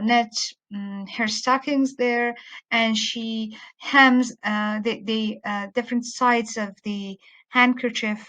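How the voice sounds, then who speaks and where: A woman teaching literature, patiently explaining a poem and slowing down to stress quoted lines. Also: a little high, fairly bright tone. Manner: patient, repeats words while explaining. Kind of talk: explanatory lecture with poem reading.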